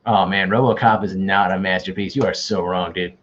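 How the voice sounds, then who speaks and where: A man's voice: sits low, steady tone, fairly quick, fairly bright tone, highs cut off. A man hosting an online quiz, bantering casually and teasing himself. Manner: joking, self-deprecating banter. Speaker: quiz host.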